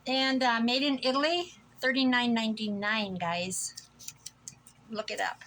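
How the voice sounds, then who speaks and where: Middle-aged woman, from Iowa, chatty, rambling, gushing, higher voice, faint room hum. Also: steady tone, a little slow, a bit bright, rough recording. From Iowa, USA. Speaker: thrift vlogger. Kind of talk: casual chat to camera. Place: home room.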